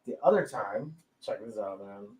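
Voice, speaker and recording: A man's voice: lowish voice, lively intonation, moderate pace, a little mellow. A man telling a personal story in casual chat, swearing freely and laughing often. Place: tattoo studio during a live podcast. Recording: roomy echo, faint ambience.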